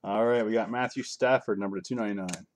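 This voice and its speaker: A fast-talking man with a voice on the low side hosts a casual card break live from home, with a bit of background noise. He chats and rambles as he rips open packs, naming every card he pulls.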